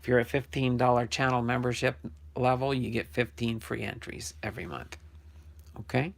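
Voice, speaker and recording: Gravelly older man hosting a card stream. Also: medium pitch, fairly even intonation, moderate pace. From New Jersey. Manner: chatty, self-correcting, thinking aloud. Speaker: sports card channel host. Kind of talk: casual live stream chat.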